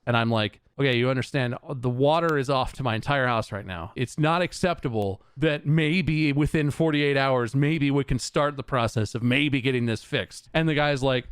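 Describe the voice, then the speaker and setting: A man's voice: mid-range voice, moderate pace, hardly any pauses, clean tone, no room sound. Swearing, exasperated man telling a story. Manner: swears a lot, animated and exasperated. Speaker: podcast co-host. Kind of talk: casual storytelling chat.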